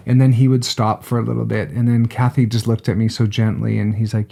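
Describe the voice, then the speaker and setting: A middle-aged man, co-host of a podcast, telling a personal story in a relaxed, conversational way and acting out the voices of the people in it. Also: mid-range voice, fairly quick, creaky. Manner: animated storyteller, acts out quoted voices, frequent restarts.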